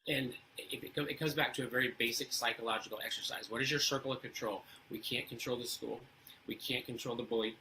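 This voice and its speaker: Earnest guy on an interview, talks quick, bright kinda voice, keeps asking "right?". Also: mid-range voice, fairly even intonation, slight background noise, rough recording. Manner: earnest, asks rhetorical questions. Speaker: guest speaker on parenting. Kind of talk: casual storytelling interview.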